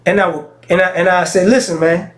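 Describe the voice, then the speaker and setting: In a casual talking-head vlog monologue, a man tells stories frankly in slang, often restarting his sentences. His high-pitched voice is a bit bright, quick, and flat in delivery.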